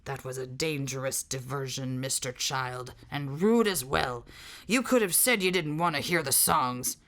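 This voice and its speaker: A woman's voice: mid-range voice, expressive, a little slow, lightly acted. A woman voicing a vain, nervous outlaw captain man who speaks in a fussy, self-important way. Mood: nervous, pompous.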